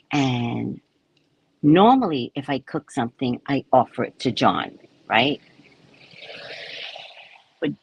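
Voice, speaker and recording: A woman psychic casually telling a story about her neighbors, animated and acting out the people she quotes. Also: extremely low pitch, a little hiss or hum. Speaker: psychic reader.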